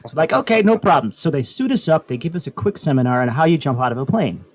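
A man's voice: medium pitch, expressive, quick pace, darkish tone, a little hiss or hum. A man on a casual talk show, telling a long rambling story full of fillers and laughs. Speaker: podcast co-host.

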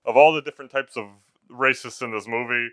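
A man's voice: mid-range voice, quick pace, clear, resonant tone. A man co-hosting a movie review podcast in casual chat, ranting and swearing freely. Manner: profane, ranting, animated. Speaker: podcast co-host.

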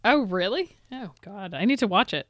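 A woman's voice: medium pitch, moderate pace, no room sound, studio quality. A woman in casual chat, answering quiz questions and protesting with amusement. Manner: lively, protesting, easily amused. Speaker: quiz contestant.

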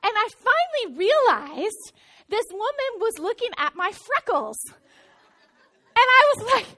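A woman pastor giving a sermon, telling a playful, self-mocking story with bursts of excitement. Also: very high-pitched, unhurried.

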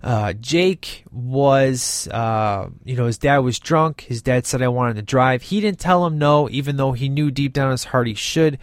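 A man's voice: medium pitch, measured pace, hardly any pauses, dry recording. A man casually reviewing a movie with enthusiasm, retelling scenes and acting out the characters' lines as he goes.

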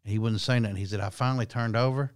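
A man's voice: on the low side, fairly even intonation, racing, clean tone, dry recording, studio quality. A man co-hosting a podcast, telling a story in casual chat with a folksy drawl and loose, everyday grammar. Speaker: podcast co-host.

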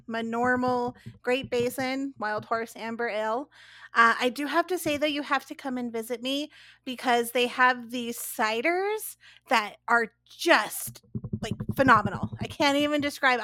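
A woman's voice: sits high, bright, forceful tone, no room sound. A woman from Nevada chatting as a podcast panelist, bubbly and enthusiastic. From Nevada, USA. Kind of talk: casual podcast chat.

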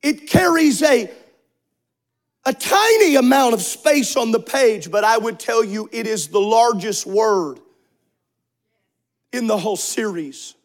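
A man preaching a Sunday sermon, slow and emphatic, repeating phrases and rising to shouts on key words. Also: very high voice, lively intonation. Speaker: pastor. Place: church sanctuary.

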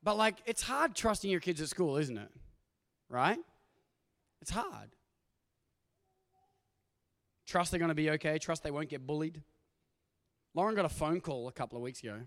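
A middle-aged man, preaching a sermon as a pastor and telling stories in an animated way, acting out quoted voices. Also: on the high side, normal speed, long pauses. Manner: animated storytelling with acted-out voices. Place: church auditorium. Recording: long hall reverb from a church.

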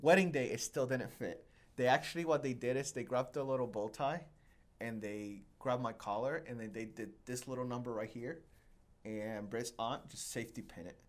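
A man's voice: medium pitch, moderate pace. A young man hosting a podcast, telling long self-deprecating stories in casual chat, full of fillers. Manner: rambling, self-deprecating storytelling with many fillers. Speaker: podcast host.

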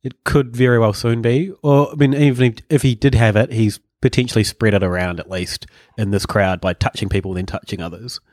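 Dry-sounding podcast host, rambling. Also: male voice, fairly low pitch, steady tone, fairly quick, hardly any pauses, darkish tone, dry recording. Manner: rambling storyteller, chuckling often. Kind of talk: casual comedic chat.

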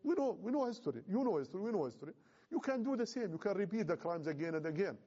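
A man's voice: high voice, very animated, very fast, mellow, slightly rough, highs cut off. A man, not a native English speaker, giving an impassioned address to Muslim youth, emphatic and repeating his phrases.

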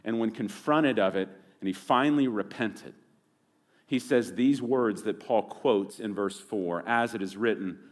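A man preaching an expository sermon, rising to loud punchlines and dropping low at phrase ends. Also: measured pace.

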